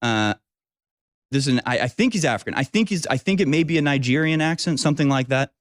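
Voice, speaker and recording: A man's voice: mid-range voice, no echo. Man talking from a dead-dry studio. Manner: rambling and emphatic, with frequent filler pauses. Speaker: political commentary host. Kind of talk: opinionated talk-show monologue.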